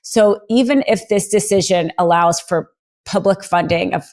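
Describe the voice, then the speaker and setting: A woman's voice: mid-range voice, normal speed, a little mellow. An American woman co-hosting a legal discussion show, thinking aloud and giving her opinions conversationally. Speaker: legal commentator, co-host. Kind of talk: casual analytical discussion.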